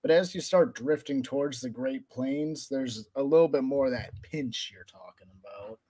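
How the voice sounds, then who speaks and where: A man's voice: mid-range voice, moderate pace, warm tone, husky. Wry podcast guest, a man. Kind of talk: casual podcast chat.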